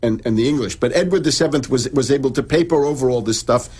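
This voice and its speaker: A man's voice: mid-range voice, fast, a little mellow, breathy edge. A middle-aged man, an in-studio guest, lecturing on history in a radio interview, restarting and repeating words as he goes. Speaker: in-studio guest author and researcher.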